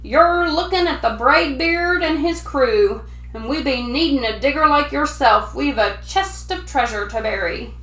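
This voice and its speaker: A blustering male pirate captain, put on by a woman reading a storybook aloud, bellowing his orders in slow, stretched-out pirate talk. The voice sits fairly high and rings in a roomy space. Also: fairly bright tone. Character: loud swaggering adult male pirate captain.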